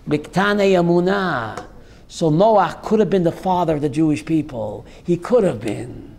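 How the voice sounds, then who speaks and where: A man, a rabbi, giving a lively Torah class, calling on listeners by name and slipping in Yiddish and Hebrew words. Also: a little high, a little slow, creaky, a little hiss or hum. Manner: lively, addresses listeners by name, jokey asides; mixes Yiddish and Hebrew terms. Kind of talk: animated Torah class to a live group.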